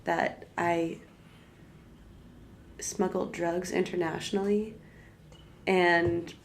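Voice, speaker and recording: A woman's voice: fairly low pitch, little pitch movement, extremely slow, a little hiss or hum. Chatty young woman in her twenties. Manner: candid, chatty, filler-heavy. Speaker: podcast guest. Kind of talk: casual chat.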